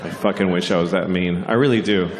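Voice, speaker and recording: A man's voice: low voice, fast talker, reverberant, crowd noise, noisy background. A man performing a stand-up comedy set, ranting sarcastically with plenty of profanity and mock outrage.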